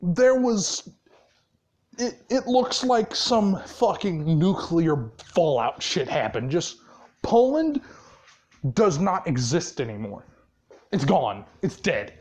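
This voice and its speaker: Slow, laughing, profane casual storyteller. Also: medium pitch, big pitch swings, a little mellow. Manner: profane, rambling, laughs often, lots of fillers. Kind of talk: casual fan story retelling.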